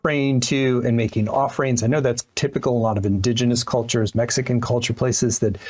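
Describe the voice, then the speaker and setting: A man's voice: medium pitch, steady tone, fairly quick, a little mellow, highs cut off. A man hosting an interview over a video call, asking reflective, searching questions with some restarts. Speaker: host.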